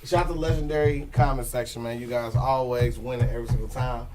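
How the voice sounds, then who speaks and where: A man hosting a podcast in casual chat, lively and upbeat, often giving shout-outs. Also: mid-range voice, fast talker, far from the mic, crowd noise, rough recording. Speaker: podcast host. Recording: voice a bit off the mic.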